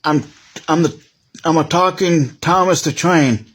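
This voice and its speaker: A man's voice: fairly high pitch, measured pace, fairly bright tone, breathy edge. Playful man improvising toy play. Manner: playful, stumbling improvised storytelling.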